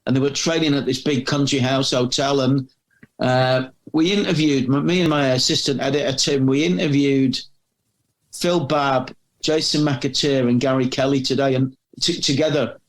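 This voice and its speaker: A man's voice: medium pitch, fairly even intonation, normal speed. A middle-aged man telling long, rambling anecdotes as a podcast guest, often restarting his sentences. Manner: rambling storyteller with frequent restarts. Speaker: podcast guest, former magazine editor. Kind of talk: casual anecdotal chat.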